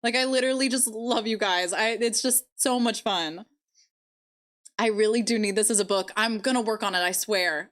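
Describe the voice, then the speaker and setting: A woman's voice: fairly high pitch, normal speed, a bit bright. A woman live-streaming, chatting casually with her viewers and laughing often. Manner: giggly, bubbly, laughs often.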